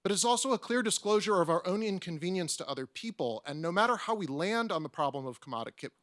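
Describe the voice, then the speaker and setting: A man's voice: high voice, lively intonation, fast, a bit bright, no echo, studio quality. A man, an academic panelist, reading a prepared talk aloud with wry, self-mocking asides. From United States. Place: conference room.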